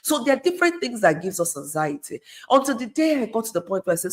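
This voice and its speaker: A middle-aged woman with a higher-leaning voice talks fast, her pitch swinging widely. As a guest offering conversational advice, she's earnest and repeats phrases for emphasis.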